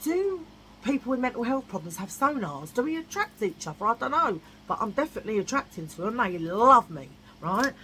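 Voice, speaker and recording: A woman's voice: on the high side, big pitch swings, fairly quick, pushed and bright, a little hiss or hum, poor audio. A woman vlogging in a blunt, chatty way, repeating herself for emphasis. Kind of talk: casual chat.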